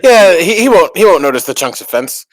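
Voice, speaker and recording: A player in a tabletop game, laid-back and deadpan. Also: mid-range voice, brisk. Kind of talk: casual tabletop play.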